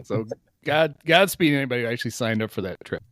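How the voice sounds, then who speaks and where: A man's voice: medium pitch, animated, quick pace, a bit bright, dry recording, studio quality. A man hosting a casual sports podcast, joking and rambling with restarts. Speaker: podcast host.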